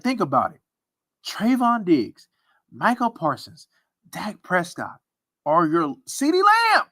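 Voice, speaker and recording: A man's voice: a little high, dry recording. A man hosting a casual sports talk stream, teasing and laughing often. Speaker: sports commentary host.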